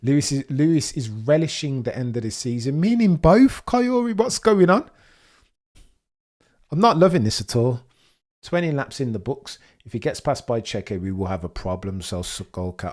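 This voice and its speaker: A young man giving a live watch-along commentary of a race, theatrical and wordy, swinging between grumbling and excited outbursts. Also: lowish voice.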